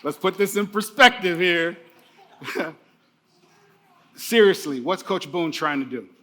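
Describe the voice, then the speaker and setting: Middle-aged male keynote speaker, bright and high-pitched, hammering points home through repetition. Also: lively intonation, slow pace, slight background noise. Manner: emphatic, repeats key phrases. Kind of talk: motivational keynote speech.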